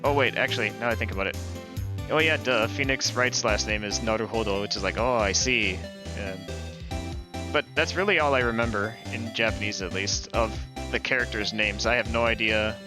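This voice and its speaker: A man's voice: on the low side, brisk. Laid-back musing male streamer. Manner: relaxed, musing, self-deprecating. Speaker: VTuber streamer. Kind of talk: casual game commentary. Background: game music.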